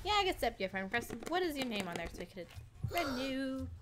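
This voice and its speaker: A chatty, giggly woman talks through a live game stream, her voice a bit high. Her mic picks up clear background noise and clicks. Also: very animated, fast talker. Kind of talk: casual live-stream chat.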